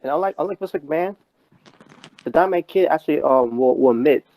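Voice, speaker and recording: A man's voice: fairly high pitch, animated, fairly quick, dark tone, no echo, low-quality recording. Rambling man in casual podcast chat. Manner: rambling, many restarts and fillers. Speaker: podcast co-host. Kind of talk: casual wrestling talk.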